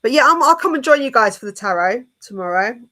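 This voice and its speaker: A woman's voice: on the high side, animated, quick pace, pushed and bright. A woman with a British English accent, a guest on a casual livestream chat, chatty with frequent restarts. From England. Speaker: guest channel host.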